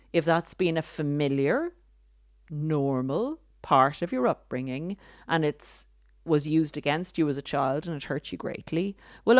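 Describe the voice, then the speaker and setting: Deep-voiced woman podcast host, earnest and deliberate, bit sarcastic, dry close sound. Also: no room sound. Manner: deliberate, explanatory, occasionally sarcastic. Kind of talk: earnest spoken commentary.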